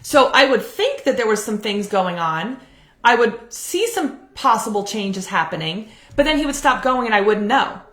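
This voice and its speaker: A woman's voice: mid-range voice, big pitch swings, normal speed, a bit bright. A woman counselor giving a candid, earnest live talk and drawing on her own experiences. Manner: candid, earnest, uses personal examples. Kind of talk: live video talk on relationships. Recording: roomy echo.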